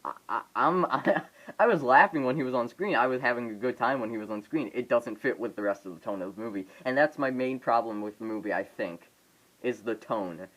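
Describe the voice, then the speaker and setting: A man's voice: mid-range voice, a bit bright, low-quality recording. Guy rambling into his phone, lots of ums and restarts, casual vlog review. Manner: rambling, halting, many fillers and restarts. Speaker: vlogger reviewing a film. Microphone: phone camera.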